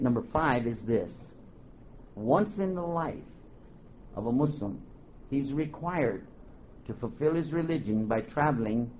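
A man giving a religious lecture to a live audience, animated, quizzing the crowd and joking. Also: mid-range voice. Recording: dull lo-fi recording, faint hiss.

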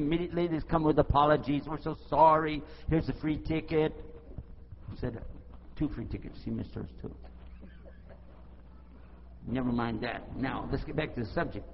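An American man preaches to a gathering, retelling a run-in with animated voices for each character. His voice sits a little high, and it carries in a big reverberant hall. The recording is dull and lo-fi, with faint noise underneath. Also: vocal fry. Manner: animated, acts out both sides of dialogue. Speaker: Islamic preacher. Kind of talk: storytelling talk to an audience.

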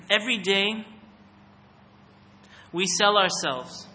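Male speaker giving a religious talk on a mic, fairly high and very bright, quizzes the crowd. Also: animated, extremely slow. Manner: questions the audience and calls on them. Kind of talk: interactive religious talk to an audience. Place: room with a live audience. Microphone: microphone.

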